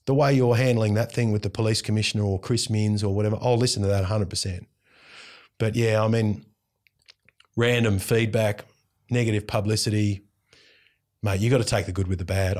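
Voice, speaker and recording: Animated Australian man telling a story. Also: lowish voice, fairly quick. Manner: animated, intense, acts out dialogue. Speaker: radio host, interview guest. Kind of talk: casual storytelling.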